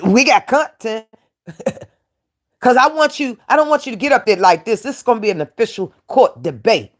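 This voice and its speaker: A woman's voice: fairly high pitch, lively intonation, moderate pace. A woman from the United States, hosting a casual commentary rant in a brash, taunting way and laughing often. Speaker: YouTube commentary host playing a judge.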